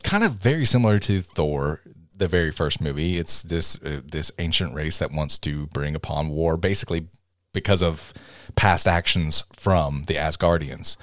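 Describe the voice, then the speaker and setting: A man's voice: a bass voice, moderate pace, fairly bright tone, dry recording, clean studio sound. A man hosting a casual movie podcast, talking animatedly and acting out movie lines in funny voices. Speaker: podcast host. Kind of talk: casual chat.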